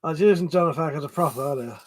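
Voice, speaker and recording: A man's voice: a little high, quick pace. Sweary man chatting on a livestream. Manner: rambling, sweary and jokey, with frequent laughs. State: yawning and short of breath. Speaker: live stream host. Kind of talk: casual live-stream chat, reading out viewer comments.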